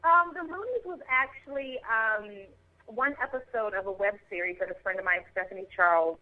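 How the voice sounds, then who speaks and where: A woman's voice: a little high, a little fast, no room sound. Chatty woman on a tinny phone line. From Chicago. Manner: chatty, many fillers and restarts. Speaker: actress guest. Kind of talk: casual interview over the phone.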